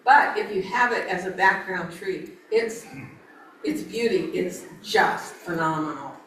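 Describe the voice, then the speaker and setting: Her lowish voice, a little slow and fairly bright, carries an informal nature talk on plants at an outdoor garden event. Laughs and fillers come often in her chatty delivery. A distant mic gives a roomy sound with faint ambience and a little hiss or hum.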